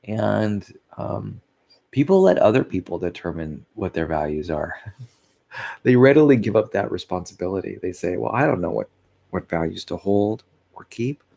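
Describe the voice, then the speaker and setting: A tired, sleepy vlogger rambles casually, yawning, losing his thread and laughing softly at himself as he meanders. His voice sits low and is gravelly, with lively intonation at a normal speed.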